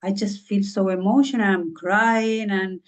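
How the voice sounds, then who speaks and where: A woman's voice: medium pitch, steady tone, a little slow. A woman who is a podcast guest, earnestly telling a personal story and often searching for words with frequent "you know.". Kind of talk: personal story in a conversational interview. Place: lives in southern England.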